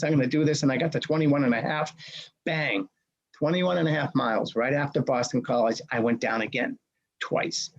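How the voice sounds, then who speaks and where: Husky older man telling a story. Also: mid-range voice, dull audio. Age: 60s. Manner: punchy, animated retelling with quoted dialogue. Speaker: race director, guest. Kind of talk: dramatic personal storytelling.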